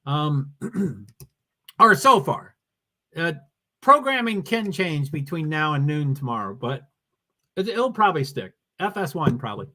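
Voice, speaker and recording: A man's voice: a little high, sing-song, unhurried, pauses often, sharp tone. A man with a New England accent hosting a casual livestream, rambling as he reads viewer comments and racing news aloud. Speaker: livestream host.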